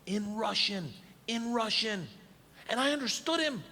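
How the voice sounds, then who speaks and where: A man doing stand-up storytelling, loud and raucous, shouting his punchlines. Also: high-pitched, lively intonation, a little slow. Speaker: comedian. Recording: reverberant stage recording.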